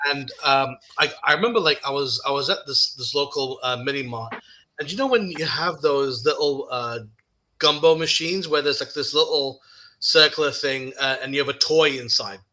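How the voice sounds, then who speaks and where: A man's voice: medium pitch, normal speed, poor audio. A man telling a funny story in casual chat, laughing as he goes. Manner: animated, laughing while telling stories. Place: live studio conversation.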